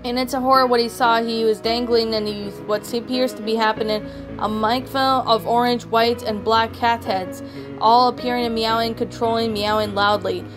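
Woman narrator, reading fan fiction, stumbles and restarts, fairly high voice, music behind. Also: steady tone, moderate pace. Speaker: story narrator. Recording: background music throughout.

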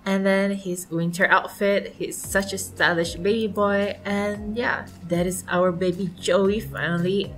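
A woman's voice: medium pitch, level tone, a little slow, few pauses. A young adult woman hosting a casual gameplay commentary, gushing and exclaiming often. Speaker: gaming channel host. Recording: faint background music.

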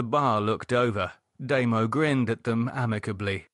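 A man narrating a novel aloud in a lively, expressive reading, with a husky voice. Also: mid-range voice, unhurried, few pauses, dry recording, clean studio sound. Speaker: audiobook narrator. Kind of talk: scripted narration.

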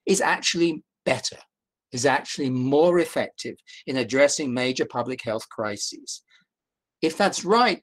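Brief: male professor, measured, emphatic remote lecture, rhetorical questions, mid-pitched voice, video call sound. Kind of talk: online academic talk. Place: indoors at home during rain.

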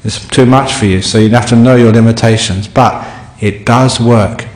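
A man's voice: medium pitch, moderate pace. A man, a Buddhist monk, giving a humorous dharma talk and telling an anecdote in answer to a question. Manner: storytelling, humorous, lively. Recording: echoey hall recording.

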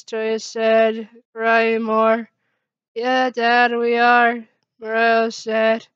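A woman reading a fan story aloud in a halting way, with slips and restarts. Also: on the high side, clean tone, no room sound, highs cut off. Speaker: fan fiction reader.

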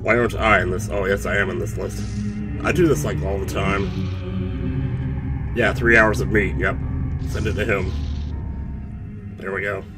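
A man's voice: fairly low pitch, fairly even intonation, measured pace, pauses often. A man giving casual, jokey gameplay commentary, chatting to the game character as he plays. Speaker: video game let's player. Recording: game music playing under the voice.

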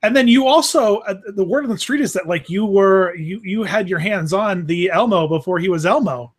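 A male podcast host with a notably high voice asks questions with eager enthusiasm. He stammers and repeats words as he gets going. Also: normal speed. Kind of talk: casual interview.

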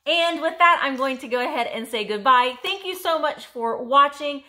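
Chatty woman with a lively, high voice. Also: moderate pace. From United States. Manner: chatty, enthusiastic, thinks aloud with restarts. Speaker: thrift reseller vlogger. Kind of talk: casual haul video chat.

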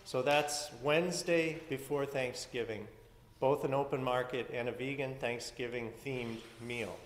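A man's voice: medium pitch, fairly even intonation, a little slow, a little hiss or hum. Rambling man in an echoey church. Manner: chatty, rambling, with many fillers and restarts. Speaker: pastor. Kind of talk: church announcements. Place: church sanctuary. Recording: echoey hall from far off.

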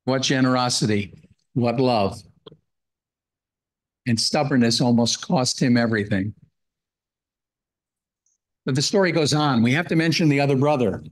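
A man's voice: mid-range voice, measured pace, pauses often, low-quality recording. A man giving a Bible-hour sermon, earnestly reading scripture and explaining it verse by verse. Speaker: guest speaker at a Bible hour.

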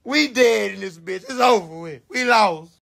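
A man, telling a profane, animated story to camera and acting out his own screams and quotes. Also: high voice, normal speed, vocal fry. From Fort Worth, Texas. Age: 20s. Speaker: vlogger.

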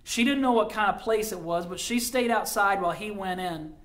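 A middle-aged man, a pastor, telling a story in a sermon, dramatic and dropping quiet for quoted lines. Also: sits high, brisk.

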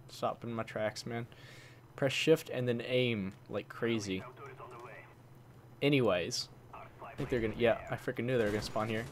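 A man's voice: mid-range voice, a little hiss or hum. Man griping through a shooter game. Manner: frustrated, mild swearing substitutes, talks to enemies. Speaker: gaming channel host. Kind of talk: live gameplay commentary.

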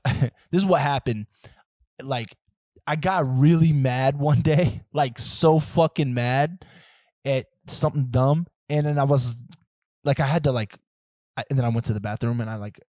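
A young man rants on his solo podcast, talking into a close, dry mic at a middle pitch. He rambles from tangent to tangent, swears freely, and leans on fillers. His voice jumps up for loud outbursts, then drops to low mutters. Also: moderate pace, dry recording. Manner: rambling, profane, restless, many fillers and tangents; lively, swings from loud outbursts to muttered asides. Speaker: podcast host. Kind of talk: casual solo podcast rant.

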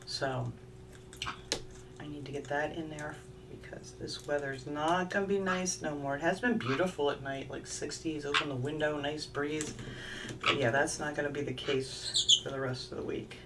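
Middle-aged woman, deep voice, homey pet chat, distant mic with noise behind. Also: fairly even intonation, normal speed. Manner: coos and baby-talks to her bird. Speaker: craft vlogger. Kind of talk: casual chat to pet parrot and viewers. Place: at home with her parrot.

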